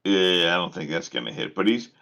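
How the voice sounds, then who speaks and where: A man plays a tabletop game in a casual voice, talking his rolls through aloud. His voice sits a little low. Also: animated, brisk, creaky, sharp tone. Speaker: player.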